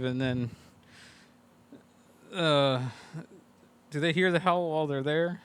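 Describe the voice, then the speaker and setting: A man's voice: medium pitch, level tone, takes it slowly, pauses often, clean tone. A man co-hosting a podcast, casually recapping a movie and swearing a lot while acting out characters' lines. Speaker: podcast co-host.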